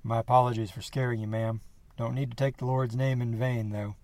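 A man voicing a quiet, flat-eyed young farmer, talking softly, deeply and slowly. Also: no room sound, lightly acted. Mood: polite. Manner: soft, deep, slow and polite.

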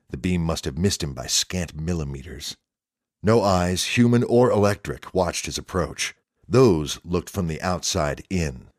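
A man reads a story aloud in a steady, measured way. His voice is very deep. The recording is dry and close. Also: dry recording. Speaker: narrator. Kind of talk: scripted story narration.

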